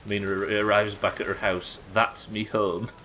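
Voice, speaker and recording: A man's voice: on the low side, level tone, moderate pace, bright, forceful tone. A young man hosting a live game stream, bantering with chat in a sweary, exasperated way. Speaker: streamer host.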